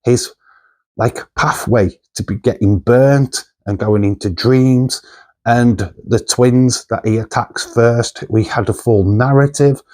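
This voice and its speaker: A man's voice: medium pitch, slow pace, warm tone. A man from the UK, hosting a movie channel in a loose, rambling chat full of fillers and asides.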